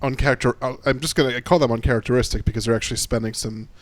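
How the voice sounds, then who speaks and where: A man's voice: mid-range voice, steady tone, very fast, no echo. A man hosting a podcast in a casual, joking, rambling way. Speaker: podcast host.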